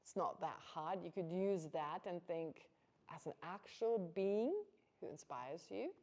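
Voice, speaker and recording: A woman's voice: lowish voice, unhurried, darkish tone. A woman giving an informal Buddhist teaching to a class, chatty and conversational, laughing often and restarting her sentences.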